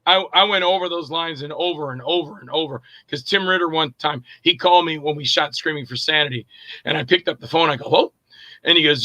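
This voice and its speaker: A man's voice: on the high side, brisk, no room sound, muffled recording. A middle-aged man, an actor and director, casually telling stories in an interview and acting out quoted dialogue with plenty of fillers. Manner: animated, acts out quoted dialogue, frequent fillers.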